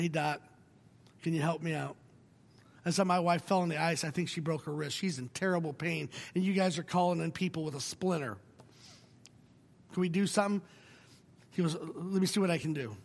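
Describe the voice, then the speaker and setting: A middle-aged male pastor preaching a sermon, telling a personal story with wry humor and moving between hushed and emphatic delivery. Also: on the high side, a little fast, long reverb tail.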